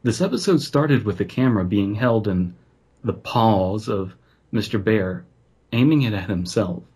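A man reads a creepy story aloud for a podcast, stopping now and then for easygoing banter. His voice sits low and has a husky edge. He sounds relaxed and is easily amused. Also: unhurried. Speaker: podcast co-host and story reader. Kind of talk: reading a horror story aloud with casual banter.

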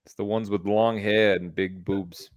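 A man's voice: lowish voice, fairly even intonation, a little slow. A young man co-hosting a podcast in casual, joking chat, full of "dude" and "bro". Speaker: podcast co-host.

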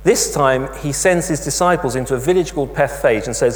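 A man preaching a sermon, telling the story in an animated way with emphatic asides. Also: mid-range voice, a little fast. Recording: long hall reverb with mains hum.

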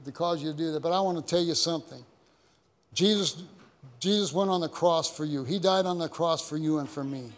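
Rambling preacher in a reverberant hall. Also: male voice, fairly high pitch. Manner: rambling, many repeated words and restarts. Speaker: pastor. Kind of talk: preaching sermon with storytelling.

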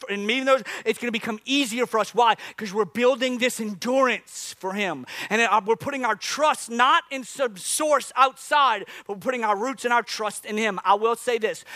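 A man preaches with a high, bright voice and tells a funny story in an animated way. The sound is dry and close, and his voice is sharp and tense. He acts out gasping for breath between lines. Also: dry recording. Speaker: pastor. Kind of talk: sermon with comic story.

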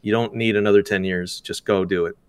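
A man talking casually as an interview guest about making games, halting, restarting his sentences and laughing often. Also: lowish voice, fairly even intonation, clean tone, no room sound, clean studio sound. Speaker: game developer guest.

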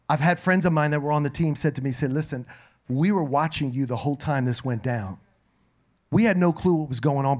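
A middle-aged man preaches a sermon in a high, slightly raspy voice. He tells stories in a loose, conversational way, full of playful asides to the congregation. His pitch sits noticeably above most men's. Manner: conversational, humorous, animated asides. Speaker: pastor. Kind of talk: sermon with storytelling.

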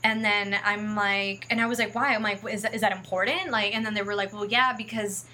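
A woman's voice: mid-range voice, fairly even intonation, a little fast, bright, forceful tone, a little hiss or hum. A woman telling a personal story in a casual, rambling way, full of fillers and acted-out quotes, and close to tears.

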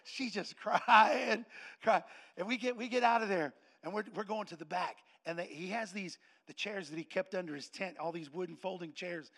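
A middle-aged male pastor with a high, gravelly voice tells stories from the pulpit. He delivers them lively and anecdotally, slipping into other people's voices along the way. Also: fairly quick, hardly any pauses. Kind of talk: storytelling sermon.

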